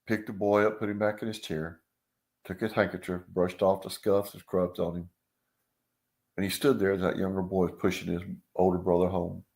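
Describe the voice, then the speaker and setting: A man preaching a sermon in a folksy way, acting out the people in his stories and swinging from loud to hushed. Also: low-pitched. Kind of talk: sermon with storytelling.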